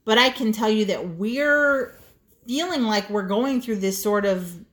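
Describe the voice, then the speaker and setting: A woman's voice: mid-range voice, unhurried, a bit bright. A woman in her forties co-hosting a casual chat podcast, blunt and profane as she tells stories. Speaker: podcast co-host.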